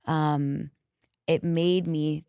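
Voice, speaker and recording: A woman's voice: sits low, extremely slow, vocal fry, clean tone, dry recording, clean studio sound. A woman guest on a podcast talking as a coach, a frank, swearing storyteller in casual conversation. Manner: frank, profane, animated storyteller.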